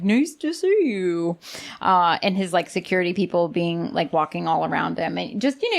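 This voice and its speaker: Creaky-voiced woman podcast host. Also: medium pitch, a bit bright. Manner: chatty, blunt, many fillers and restarts; sarcastic about politicians. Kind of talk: casual podcast chat.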